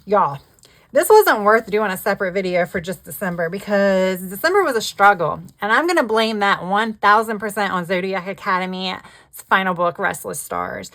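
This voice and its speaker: A woman's voice: mid-range voice, expressive, normal speed, fairly bright tone. A woman chatting casually about her reading, laughing often and trailing off mid-thought. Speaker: book vlogger. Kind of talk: casual chat.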